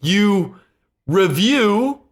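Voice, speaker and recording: A man's voice: sits high, very animated, very slow. A man co-hosting a podcast in casual chat, giving emphatic opinions. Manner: emphatic opinions with imitated quotes. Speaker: podcast co-host.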